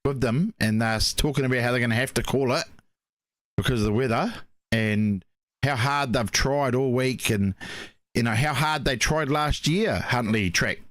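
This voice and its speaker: A man's voice: mid-range voice, normal speed, a bit bright, dry recording, clean studio sound. A man co-hosting a racing show, telling long rambling stories full of "mate, you know". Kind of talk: casual chat.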